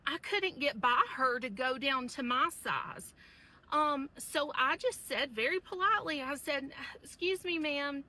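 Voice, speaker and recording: High bright-voiced woman telling a story. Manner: upset, emphatic, repeats "I said". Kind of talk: casual storytime rant.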